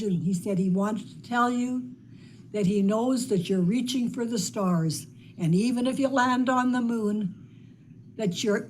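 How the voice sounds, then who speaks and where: A woman's voice: mid-range voice, a little mellow. Older woman, tender affectionate message, faint music under. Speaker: relative in a recorded video message. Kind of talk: heartfelt recorded message.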